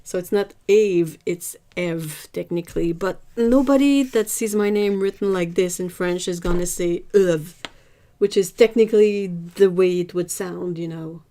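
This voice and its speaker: A woman hosting an art livestream, chatting casually with viewers, emphatic and lively. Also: fairly low pitch, normal speed, few pauses. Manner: chatty, answers viewers' chat.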